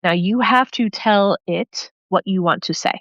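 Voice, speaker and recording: A woman with an East Coast accent, a guest coach giving quick, animated advice in a casual interview. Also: medium pitch, dry recording, dull audio. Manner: energetic, animated hand-talker, gives advice in quick bursts. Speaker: podcast guest, networking coach.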